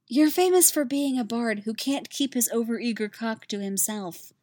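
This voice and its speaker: A woman voicing a proud, sharp-tongued sorceress with a hoarse, raspy voice and cutting manner. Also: a little high, normal speed, dry recording, studio quality, natural voice. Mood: haughty. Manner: haughty, cutting.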